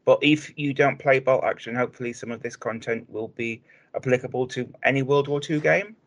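A man co-hosting a hobby podcast, speaking in a measured, explanatory way with frequent restarts. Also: mid-range voice. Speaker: podcast co-host. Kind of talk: casual chat.

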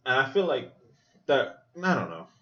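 Animated man reacting to a movie. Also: mid-range voice, moderate pace, muffled recording. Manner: animated, profane, thinks aloud with asides. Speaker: podcast host watching a movie. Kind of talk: casual movie reaction commentary.

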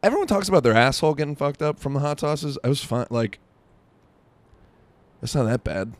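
A man's voice: medium pitch, animated, brisk. A young man from South Florida, riffing through a crude, rambling comedic monologue full of "like" and restarts. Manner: rambling, crude, self-interrupting with lots of "like".

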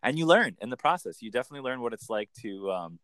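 A man, a coach explaining in an enthusiastic conversational interview with quick acted examples. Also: mid-range voice, big pitch swings, fairly bright tone, no room sound. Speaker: accent coach.

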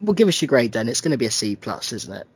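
A podcast co-host with a mid-range voice talks fast, with a breathy edge, on a dry recording. He chats casually and a little sleepily, swearing a lot and getting animated as he mimics people in silly, mocking voices.

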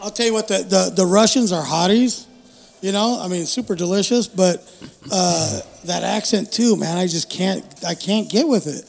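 A man's voice: sits high, moderate pace, gravelly. A man co-hosting a casual podcast chat, laid-back and crude. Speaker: podcast co-host.

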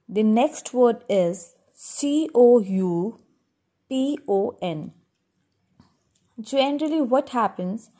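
A woman's voice: on the high side, lively intonation, slow, long pauses, warm tone. A woman teaching schoolchildren how to pronounce words, spelling each one out letter by letter and repeating it with a patient, instructive manner. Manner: instructive, addresses class directly. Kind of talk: pronunciation lesson for schoolchildren.

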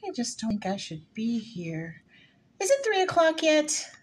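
A woman's voice: a little high, sing-song, measured pace. A woman playing a nervous, flustered married suburban woman, chattering breathlessly in a rehearsed stage play reading. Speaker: actor in a rehearsal.

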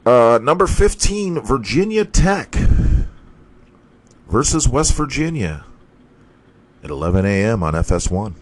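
A man's voice: medium pitch, big pitch swings, measured pace, long pauses, a little hiss or hum. A man hosting a sports podcast, reading college football scores in a casual, profane, ranting manner and laughing at his own slips.

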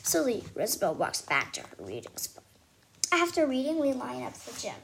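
A woman reading a children's chapter book aloud with expressive, animated storytelling. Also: a little high, fairly quick, creaky, a little hiss or hum. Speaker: reader.

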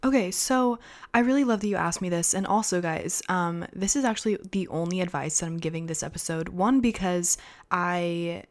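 A woman's voice: lowish voice, moderate pace. A teenage girl from America hosting a casual solo podcast, chatty and rambling with lots of fillers. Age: teens. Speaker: podcast host.

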